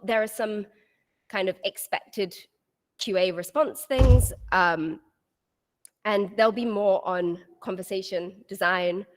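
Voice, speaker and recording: A young woman lecturing to students, her sentences tending to tip upward at the close. Her mid-range voice rings out with a long reverb that trails behind each phrase. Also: mid-range voice. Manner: rising intonation at the end of sentences. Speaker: guest lecturer. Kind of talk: university lecture.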